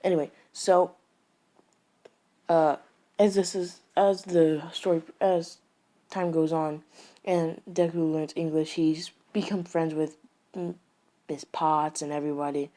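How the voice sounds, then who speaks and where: A woman's voice: low-pitched, steady tone, slow, long pauses, dark tone. A woman improvising a casual story, rambling and hesitant with many restarts. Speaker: fan storyteller.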